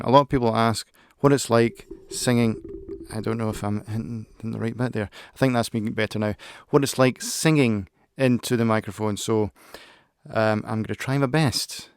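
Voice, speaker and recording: Sitting at his desk, a man records a casual tech review on a close studio mic, his medium-pitched voice clean and free of echo at a normal pace. His delivery is rambling and hesitant, with many restarts.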